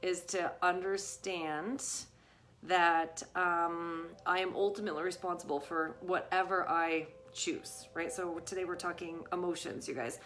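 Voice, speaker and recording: A woman's voice: lowish voice, steady tone, unhurried, fairly bright tone. A middle-aged woman vlogging casually to her viewers on a live stream, chatty and full of fillers. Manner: chatty, many fillers like "you guys" and "right?". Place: home with a dog nearby. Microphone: phone or camera on a live stream.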